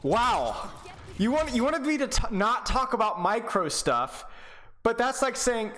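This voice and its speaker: A man's voice: extremely high pitch, sing-song, measured pace, a bit bright. A young man coaching as he reviews a game, sarcastic and mocking, breaking into laughter. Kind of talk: live gameplay review coaching.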